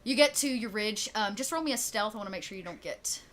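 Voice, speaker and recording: Woman, game master, chatty narration, fillers, bright voice. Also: medium pitch, lively intonation, fast talker. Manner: chatty, laughs often, many fillers.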